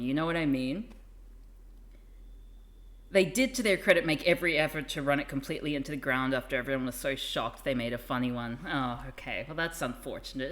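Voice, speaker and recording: A woman's voice: a bass voice, a bit bright. A woman streamer chatting casually and rambling with asides. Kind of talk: casual live-stream chat.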